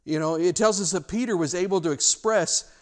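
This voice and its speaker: A man's voice: high voice, a little fast. A middle-aged man preaching a sermon in a conversational way, often restarting and repeating words, then rising into emphatic bursts. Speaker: pastor.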